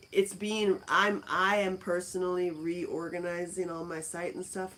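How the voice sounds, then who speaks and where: A woman hosting a casual livestream from a friend's house, rambling and laughing as she talks in a deep morning voice. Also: slight background noise. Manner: rambling, chatty, laughs easily. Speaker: livestream host. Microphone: phone camera.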